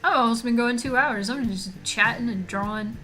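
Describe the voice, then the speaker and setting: A woman's voice: fairly high pitch, normal speed, bright, forceful tone, soft background music. A woman streamer in casual chat, joking and talking to her viewers as she draws. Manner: chatty and joking, reading chat aloud. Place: home streaming setup.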